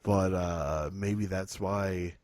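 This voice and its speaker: Male co-host, easygoing and joking, lowish voice, dry close sound. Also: fairly even intonation, very slow, a little mellow, dry recording. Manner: laid-back, joking, agreeable. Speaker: podcast co-host. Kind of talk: casual chat.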